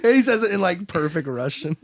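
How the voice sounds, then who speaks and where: Chatting through a film recap on a podcast he co-hosts, a man laughs often and acts out the characters with animated energy. His voice is high-pitched and fairly quick, captured in a dry, studio-quality recording.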